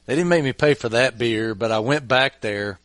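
This easygoing middle-aged man hosts a podcast, sharing chuckling anecdotes in casual storytelling chat. His voice is medium-pitched and fairly bright at a moderate pace, recorded dry and close to the mic.

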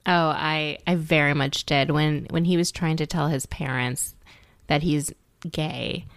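A woman's voice: sits low, steady tone, unhurried, no room sound, studio quality. A woman co-hosting a podcast, chatting animatedly and laughing readily. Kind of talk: casual chat.

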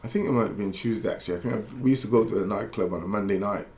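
Racing through his stories in a fairly low, slightly mellow voice, this ex-footballer chats casually, laughing and correcting himself along the way. There's a roomy echo and faint background noise.

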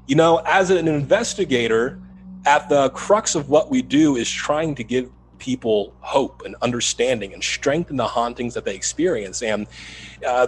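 A man who works as a paranormal investigator, telling the story of a haunting in an animated, building way in an interview. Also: mid-range voice, slight background noise, poor audio. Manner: animated retelling, rising to loud urgency.

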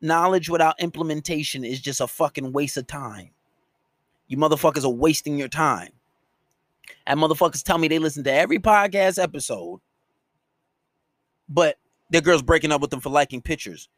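High-voiced man on a profane rant. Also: normal speed, long pauses, a bit bright, no room sound. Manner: profane, scolding and emphatic. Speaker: podcast host and dating coach. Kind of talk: solo podcast rant.

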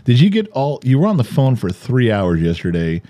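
A man's voice: mid-range voice, wildly swooping pitch, brisk, warm tone, no room sound. A middle-aged man co-hosting a casual podcast, teasing his wife and acting out little quotes. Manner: joking, teasing, acts out quotes. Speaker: podcast co-host, husband. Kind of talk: casual chat.

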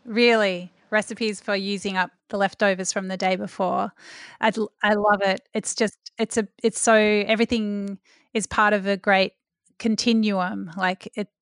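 A woman's voice: medium pitch, level tone, moderate pace, no echo, clean studio sound. A woman hosting a podcast interview, effusive and a little poetic. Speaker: podcast host.

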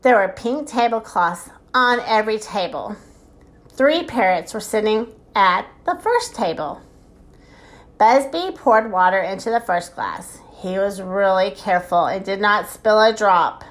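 A woman reading a children's storybook aloud, expressive and adding sound effects. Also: medium pitch, unhurried.

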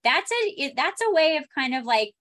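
A woman talking as a relationship expert on a podcast, calm and explanatory, acting out bits of example dialogue. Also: sits high, moderate pace. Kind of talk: podcast conversation.

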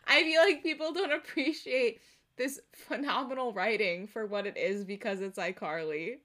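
A young woman with a high, bright, sharp-edged voice co-hosts a loose podcast chat. She laughs often and is crude and animated as she retells scenes. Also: moderate pace. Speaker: podcast co-host. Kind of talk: casual chat.

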